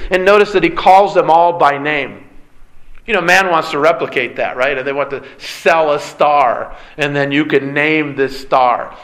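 A man delivers a sermon in a somewhat high voice. He preaches earnestly but conversationally, often posing rhetorical questions to his congregation. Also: a bit bright, low-quality recording. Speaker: pastor.

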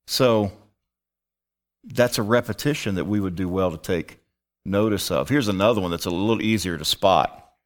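A man's voice: sits low, moderate pace. A man teaching a Bible study, emphatic and prone to rhetorical questions.

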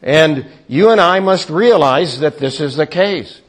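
A man preaching a sermon slowly and deliberately, with frequent hesitant pauses. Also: on the high side, lively intonation. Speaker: pastor.

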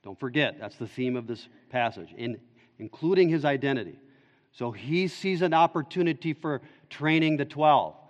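A man's voice: medium pitch, animated, normal speed. A male pastor preaching an expository sermon in an earnest, explaining way. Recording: dull echoey church hall recording.

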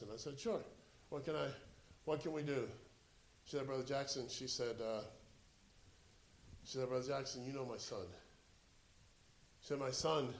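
A man with a Southern US accent preaches a sermon, moving from prayer into storytelling. His voice sits at an ordinary middle pitch and carries an earnest, plainspoken warmth. The sound rings around a roomy space. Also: a little hiss or hum. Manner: earnest, builds to excited animated storytelling.

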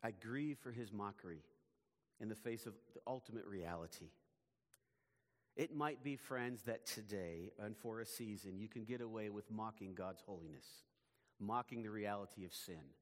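A man preaching a sermon as pastor, in a measured, emphatic way, his phrases often falling away at the ends. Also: lowish voice, in a large hall.

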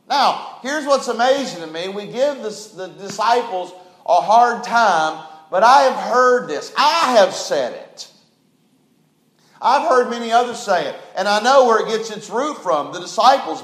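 A man's voice: sits high, very animated, unhurried, fairly bright tone. A man preaching a sermon, telling folksy stories and building to fervent calls. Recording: roomy echoing hall.

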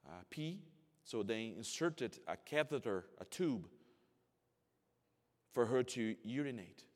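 Man, 40s, pastor, sermon, hushed to booming, slightly non-native phrasing, long hall echo. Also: animated, slow pace. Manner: swings from hushed, near-whispered storytelling to loud, rising emphatic preaching.

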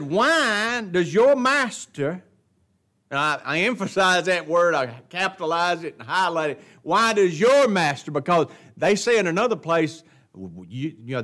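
A man's voice: a little high, fairly bright tone. A man teaching an adult Bible class, speaking in a folksy, emphatic way with chuckles and repeated words. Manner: folksy, emphatic preaching with laughs and repetitions. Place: church classroom.

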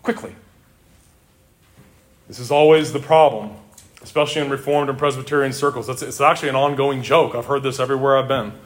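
A man preaching a sermon as pastor, emphatic, with loud declarations and low intense asides. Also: fairly even intonation, quick pace.

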